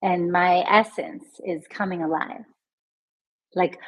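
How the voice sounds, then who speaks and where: Breathy woman coaching emotional healing. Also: on the high side, poor audio. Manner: gentle, repeats healing phrases slowly; talks straight to viewers, reads their comments aloud. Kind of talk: live online healing lesson.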